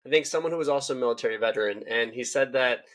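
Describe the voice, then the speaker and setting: A man's voice: mid-range voice, very fast, fairly bright tone. A young man hosting a podcast interview, chatty and rambling with many fillers. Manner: chatty, rambling, lots of "you know". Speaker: podcast host. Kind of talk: casual interview talk.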